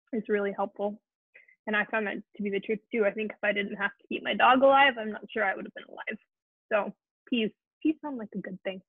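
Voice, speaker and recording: Woman, gentle earnest host, tinny phone-like sound, dry. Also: fairly high pitch, no room sound. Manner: gentle, earnest, many restarts. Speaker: host of a support Q&A. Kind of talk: casual heartfelt talk to an online group.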